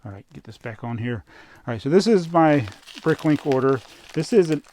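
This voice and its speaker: A man's voice: a little high, lively intonation, normal speed, darkish tone. A man chatting casually as a hobby vlogger at home, rambling on and chuckling at himself. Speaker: toy collecting vlogger. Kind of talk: casual chat. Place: room at home with posters on the walls.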